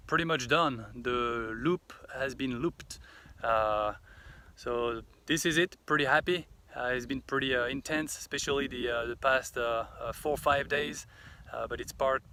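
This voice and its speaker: A man talking casually to the camera outdoors about his solo overland trip, halting often with filler sounds and restarts. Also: mid-range voice, pushed and bright. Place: outdoors at a trail's end.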